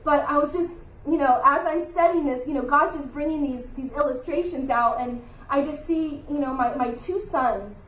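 Earnest high-voiced woman teaching scripture. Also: moderate pace, hardly any pauses, fairly bright tone, echoey room, recorded from a distance, a little hiss or hum, rough recording. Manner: earnest, confessional, heartfelt. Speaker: Bible study speaker. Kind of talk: Christian devotional teaching.

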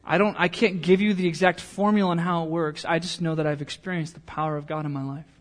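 Man preaching with a fairly high voice. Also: little pitch movement, fast. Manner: conversational storytelling with humor, then softer earnest appeal. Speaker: pastor. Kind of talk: sermon.

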